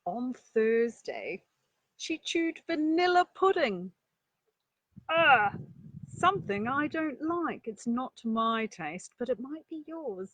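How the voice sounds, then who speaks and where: A woman reads a children's story aloud, stopping often for chatty asides and questions to her listeners. Her breathy, lively voice sits a bit high, recorded close and dry. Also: takes it slowly, dry recording. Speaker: storyteller and life coach.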